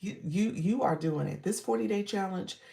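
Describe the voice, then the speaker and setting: A woman's voice: mid-range voice, moderate pace, vocal fry, mellow, roomy sound, far from the mic. A woman coaching live hosts on a livestream, sounding congested from an illness. She greets viewers by name and laughs often. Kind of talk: casual livestream chat with viewers.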